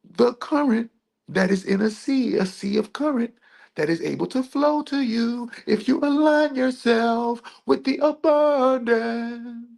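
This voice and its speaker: An unhurried, medium-pitched, creaky voice with a darkish tone belongs to a spiritual video host. In a rambling monologue, the host poses and answers their own questions, playing with words and repeating phrases in a sing-song rhythm.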